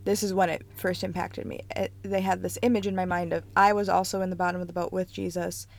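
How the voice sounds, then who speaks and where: Gravelly-voiced woman, reflective co-host. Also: lowish voice, flat delivery, quick pace. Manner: reflective, thoughtful sharing. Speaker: podcast co-host. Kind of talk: casual faith podcast chat.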